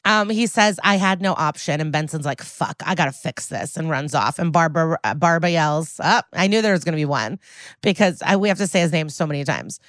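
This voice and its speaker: A woman co-hosting a podcast, retelling TV scenes in casual chat, blunt and quick to swear. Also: deep voice, lively intonation, fairly bright tone, no echo, clean studio sound. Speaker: podcast co-host recapping episodes.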